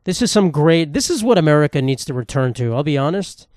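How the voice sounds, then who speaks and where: A man's voice: on the high side, animated, fast talker, darkish tone, no room sound, studio quality. A young man from New York hosting a casual solo podcast in a rambling, sarcastic, profane way. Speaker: podcast host.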